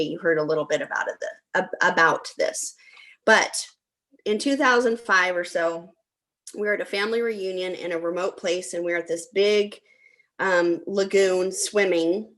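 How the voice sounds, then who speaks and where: A woman's voice: fairly low pitch, steady tone, moderate pace. Chatty woman telling a personal story. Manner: chatty, warm storytelling with frequent ums. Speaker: host.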